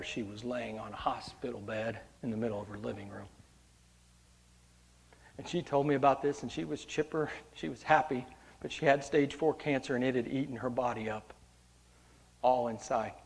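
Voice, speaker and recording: A man preaching a sermon as pastor, addressing the congregation directly and moving between hushed storytelling and loud, impassioned preaching. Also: mid-range voice, creaky.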